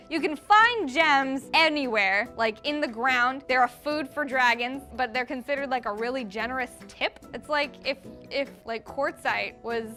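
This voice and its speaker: A woman's voice: on the high side, bright, forceful tone. A woman hosting a comedic cartoon recap in a sarcastic manner, swearing casually. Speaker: show host.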